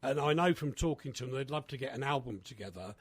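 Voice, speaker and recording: A man hosting a casual radio chat, animated and chatty with many fillers. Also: mid-range voice, fast talker, husky, no echo. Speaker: radio host.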